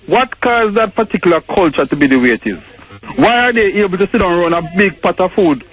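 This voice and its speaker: A man's voice: high voice, lively intonation, brisk, low-quality recording. A Jamaican man calling in to a radio show, making his points with rhetorical questions. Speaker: caller. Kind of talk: radio call-in chat.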